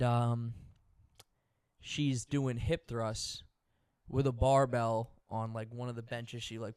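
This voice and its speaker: A man's voice: medium pitch, smooth, no echo, clean studio sound. A man co-hosting a podcast in casual chat, telling stories with lots of energy and plenty of swearing. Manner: animated storytelling, heavy swearing. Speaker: podcast co-host.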